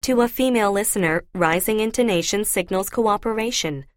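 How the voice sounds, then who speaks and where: Female lecturer, mid-pitched, measured scripted delivery, dry studio sound. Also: no echo. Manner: clear, measured explaining. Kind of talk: scripted lecture for a listening test.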